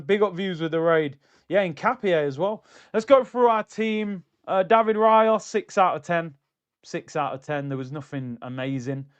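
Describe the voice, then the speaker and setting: A man hosting a casual football livestream, talking in an animated, chatty way and answering comments from his chat. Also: medium pitch, dull audio. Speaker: football streamer.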